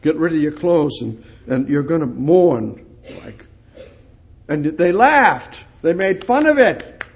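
Husky, slow-talking male preacher. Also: fairly high pitch, big pitch swings. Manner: reads scripture slowly, then rises into urgent exclamations. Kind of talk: verse-by-verse sermon.

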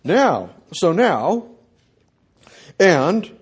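Slow, husky, animated man preaching. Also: high-pitched. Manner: emphatic, repetitive, restarts and stammers. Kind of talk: sermon.

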